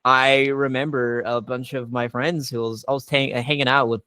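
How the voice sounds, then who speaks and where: On a panel, a young voice actor tells casual stories in a clear, resonant voice of medium pitch at a moderate pace, recorded dry. His retelling is animated and heavy with fillers, peppered with "like" and restarts.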